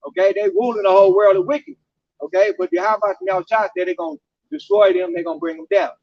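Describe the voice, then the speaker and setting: A man at an informal scripture discussion, speaking haltingly and reading verses aloud. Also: high-pitched, fairly even intonation, muffled recording. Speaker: camp speaker.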